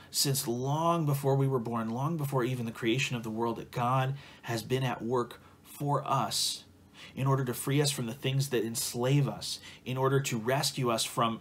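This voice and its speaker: A man's voice: mid-range voice, slightly rough. A man preaching an earnest, encouraging sermon as a pastor, repeating phrases for emphasis and closing in prayer.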